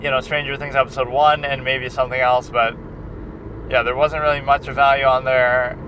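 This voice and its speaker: A man's voice: mid-range voice, flat delivery, fairly quick, fairly bright tone, slight background noise. A man and film critic chatting in a rambling, casual vlog, often restarting his sentences, recorded on a handheld recorder outdoors. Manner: meandering, many restarts and fillers.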